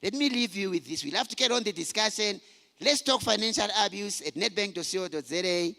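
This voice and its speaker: Middle-aged man, high bright voice, gravelly edge, long hall reverb. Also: brisk. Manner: animated storytelling, shouting for emphasis. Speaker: conference speaker. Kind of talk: motivational talk to men. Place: large conference hall.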